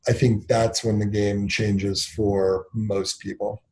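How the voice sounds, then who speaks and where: A man's voice: on the low side, level tone, takes it slowly, darkish tone, rough recording. A man in his thirties, a company founder, telling a personal story as an interview guest in a candid, filler-heavy way, often acting out what people said. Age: 30s. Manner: candid, filler-heavy, acts out quoted dialogue.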